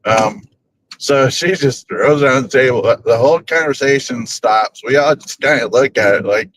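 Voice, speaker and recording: A man with a medium-pitched, fairly bright voice hosts a paranormal group's live stream from his car on the way to work, chatting casually at a moderate pace, rambling and chuckling often. The rough recording has a little hiss or hum.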